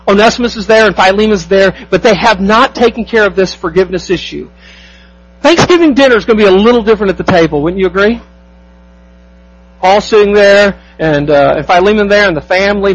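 A man acting as pastor delivers an emphatic sermon, posing rhetorical questions to the congregation and slowing down to stress key phrases. His voice sits high, and the low-quality recording has no room sound.

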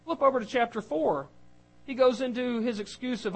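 High-voiced man preaching a sermon. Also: moderate pace, low-quality recording. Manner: earnest, acts out quoted voices, varies loudness.

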